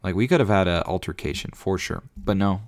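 Young male vlogger, lowish voice, chatty rambling storyteller with animated asides. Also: brisk, vocal fry. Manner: animated, rambling, lots of fillers and laughs. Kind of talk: casual storytelling.

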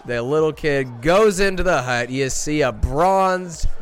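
A man's voice: fairly high pitch, animated, unhurried, soft background music. A young man hosting a podcast, rambling enthusiastically through a comedic movie recap with crude jokes. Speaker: podcast host.

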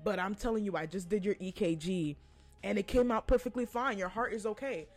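A woman voicing a calm, dismissive female doctor who talks down to her patient. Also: mid-range voice, brisk, faint music behind, voice pushed down, lightly acted. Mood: patronizing. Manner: soothing, condescending.

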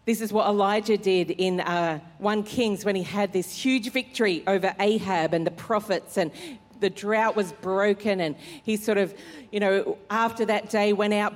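A woman's voice: medium pitch, fairly even intonation, moderate pace. A woman pastor, preaching a sermon in an earnest, conversational way with fillers. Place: church service hall. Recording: long hall reverb in church.

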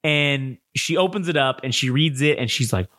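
A man's voice: mid-range voice, moderate pace, no room sound. Man recapping a film in a dry room. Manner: profane, animated plot recap acting out lines. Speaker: podcast co-host. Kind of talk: casual film review chat.

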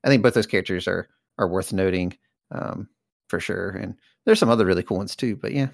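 A man's voice: low-pitched, fairly quick, creaky, no echo, clean studio sound. A man co-hosting a casual podcast chat about a card game, rambling with fillers and laughing often. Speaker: podcast co-host.

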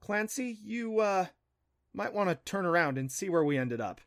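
Man voicing a jumpy young boy, asks questions, higher pitch, storybook. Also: lively intonation, moderate pace, a bit bright. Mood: awed. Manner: nervous, questioning. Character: nervous curious young boy.

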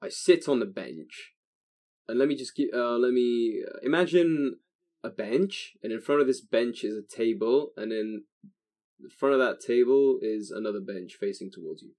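A man's voice: mid-range voice, expressive, moderate pace, darkish tone. A young man telling a long story in casual chat, swearing often and rambling with restarts into a desk microphone. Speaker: podcast co-host telling a story.

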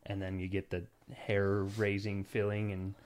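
A man in his thirties chats loosely as a podcast host, joking and teasing his co-host. His voice sits a little low. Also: completely flat delivery, measured pace, a little mellow. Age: 30s. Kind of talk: casual podcast chat.

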